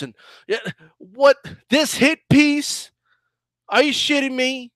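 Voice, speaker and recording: A man rants through heated boxing commentary, combative and profane, circling back to the same points. His voice sits high. The sound is dry and close. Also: slow pace, pauses often, fairly bright tone, no room sound. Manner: combative, profane, repetitive ranting.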